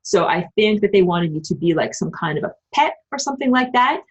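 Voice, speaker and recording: A woman's voice: medium pitch, animated, a little fast, slightly rough. A woman giving an emphatic, profane, rambling spiritual livestream monologue and answering viewer comments. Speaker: spiritual vlogger.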